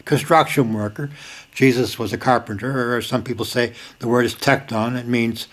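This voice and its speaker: An older man talking straight to the camera, emphatic, repeating key lines and breaking into sudden bursts of force. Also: mid-range voice. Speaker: video host. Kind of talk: casual spoken commentary.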